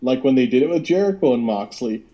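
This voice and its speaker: Mellow-voiced man on a dull call line. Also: medium pitch, expressive. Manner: measured, agreeable, reasoning aloud. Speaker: podcast co-host. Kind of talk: casual wrestling chat. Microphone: online call.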